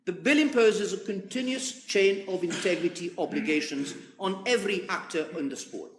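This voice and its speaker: A man with a high voice addresses parliament in a formal, emphatic way, leaning hard on repeated words. His speech rings through an echoey chamber with faint background ambience. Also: slight background noise. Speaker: member of parliament.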